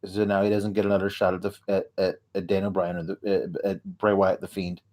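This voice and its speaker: A man's voice: low voice, flat delivery, dark tone. A man hosting a comedic wrestling recap, ranting in a rambling, sarcastic way. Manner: rambling, sarcastic, halting with fillers. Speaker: host of a wrestling recap show.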